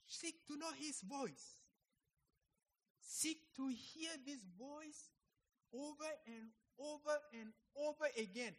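A man in his fifties preaching a sermon, emphatic and dramatic, swinging between loud exclamations and soft asides. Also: very high voice, takes it slowly. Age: 50s. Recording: long hall reverb.

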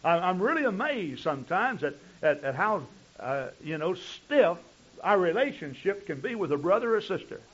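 High-voiced man preaching a sermon. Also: sing-song, normal speed, fairly bright tone, husky. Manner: storytelling with long chains of "and", many restarts. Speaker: pastor. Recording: dull lo-fi recording.

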